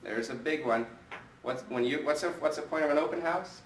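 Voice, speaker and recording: A man's voice: a little high, brisk, a little hiss or hum. A man leading a live sales training in front of a group, coaching energetically and asking the room questions. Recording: echoey room from a distance with faint ambience.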